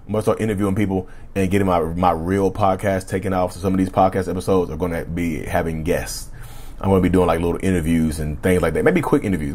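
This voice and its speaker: A man hosting a casual solo podcast, talking in a rambling, repetitive way with a slightly rough throat he keeps clearing, and often asking the listeners "right?". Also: deep voice, darkish tone. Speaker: podcast host.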